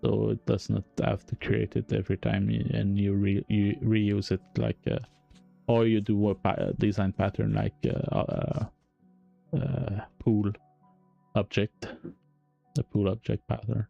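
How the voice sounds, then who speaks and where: A man with a French accent, a native French speaker, explains game code on a live stream in a halting, self-correcting way, chuckling at his own slips. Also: lowish voice, flat delivery, vocal fry, dark tone, highs cut off, soft background music.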